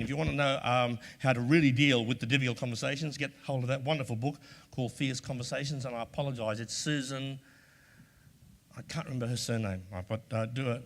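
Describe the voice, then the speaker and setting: A man's voice: medium pitch, fairly bright tone. Australian man presenting in a reverberant hall. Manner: emphatic, repeats key phrases, acts out sample lines. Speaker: workshop presenter. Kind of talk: presentation to a live audience. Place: large room before an audience.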